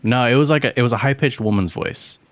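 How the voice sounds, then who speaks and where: A man's voice: medium pitch, fast talker, dry recording. A young man co-hosting a casual podcast over beers, joking and rambling through a story. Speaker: podcast co-host.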